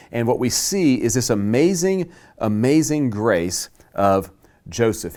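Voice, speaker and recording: A man teaching a Bible class to a live group, emphatic and slowing down to stress key words. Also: medium pitch, expressive, a little mellow.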